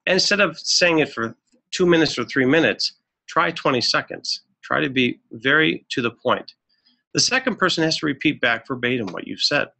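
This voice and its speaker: A man presenting a marriage webinar as a counselor, earnest and instructive, often pausing with fillers. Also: on the high side, expressive, vocal fry, sharp tone. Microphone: webinar microphone.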